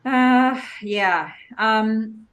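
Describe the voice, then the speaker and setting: A woman's voice: on the high side, extremely slow, fairly bright tone, lo-fi sound. A woman co-hosting a podcast, recapping a TV episode in casual chat and playfully acting out the characters' lines. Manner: playful, jumps into exaggerated character quotes. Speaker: podcast co-host.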